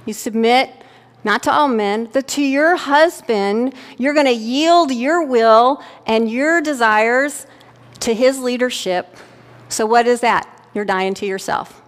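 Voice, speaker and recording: A woman's voice: on the high side, slow. A middle-aged woman giving a sermon to a congregation, talking candidly and conversationally and often checking in with her listeners. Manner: conversational, candid storytelling with frequent "right?" check-ins. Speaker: pastor's wife preaching. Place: church sanctuary. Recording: church hall with long reverb.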